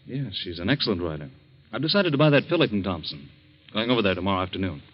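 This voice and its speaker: An actor playing a smooth, scheming husband, speaking in a casual, evasive way in a 1940s radio drama. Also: male voice, on the low side, very animated, quick pace. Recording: dull old radio recording.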